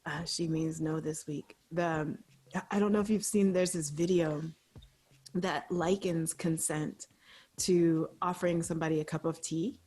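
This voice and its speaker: A woman's voice: sits low, fairly even intonation, normal speed, a little mellow, slightly rough. A woman co-hosting a podcast, talking candidly and earnestly, explaining her point through long repeated examples. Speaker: podcast co-host. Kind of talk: candid casual chat.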